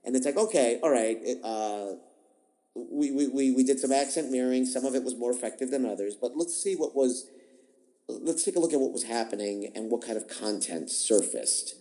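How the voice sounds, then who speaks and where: A man's voice: medium pitch, normal speed, dark tone, rough recording. A man, an improv teacher, answering interview questions in a thoughtful, explanatory way, often restarting and repeating words. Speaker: improv teacher, podcast guest.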